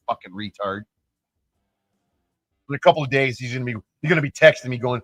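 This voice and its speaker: Profane ranting man, higher voice. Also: very animated, fairly quick, pauses often, sharp tone, no echo, low-quality recording. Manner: profane, taunting and mocking. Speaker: YouTuber. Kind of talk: angry ranting vlog.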